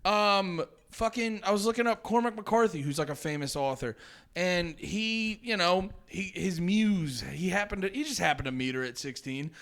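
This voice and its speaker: Bright, high-voiced man joking around. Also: normal speed. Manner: animated, jokey, swears freely, laughs often. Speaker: podcast co-host. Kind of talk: casual comedic chat.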